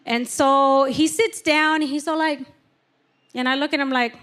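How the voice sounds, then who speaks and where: Woman, personal testimony, candid and halting, slightly high-pitched. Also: steady tone, fairly bright tone. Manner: candid, emotional, halting with many fillers. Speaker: church member giving testimony.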